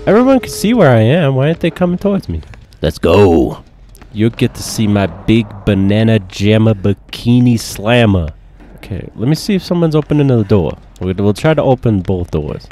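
A man giving casual gameplay commentary, excitable, profane and joking, with sudden yelps. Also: on the low side, moderate pace, slight background noise. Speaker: gaming commentator.

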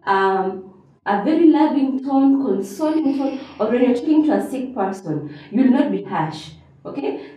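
A woman's voice: on the high side, warm tone. Teacher woman, echoey and distant. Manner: repeats key phrases, frequent rising "okay?" checks. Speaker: English teacher. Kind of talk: classroom revision lesson.

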